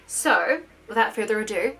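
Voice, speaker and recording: A young woman gushing and gasping her way through an excited makeup unboxing vlog. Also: medium pitch, normal speed, soft background music. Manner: gushing, gasping, exclaims constantly. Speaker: beauty vlogger.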